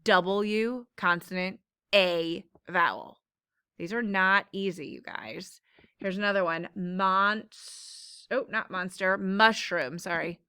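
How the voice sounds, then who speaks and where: Slow, patient woman teaching phonics. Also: mid-range voice, bright, forceful tone, smooth, no echo, studio quality. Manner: slow, patient explaining with drawn-out words. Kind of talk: classroom phonics lesson.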